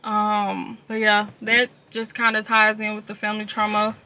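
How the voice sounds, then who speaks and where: In a confessional vlog, a woman shares details of her life with viewers, speaking to them directly in a relaxed, candid storytelling style. Her voice sits mid-range and stays monotone, moving at a moderate pace with a sharp edge.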